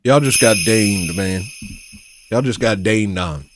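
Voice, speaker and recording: A man's voice: fairly low pitch, slow, no echo. A man hosting a casual livestream, rambling and joking, reading out viewer messages and slipping into little rhymes. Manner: rambling, joking, slips into rhyming riffs; reads out viewer donations. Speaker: livestream host.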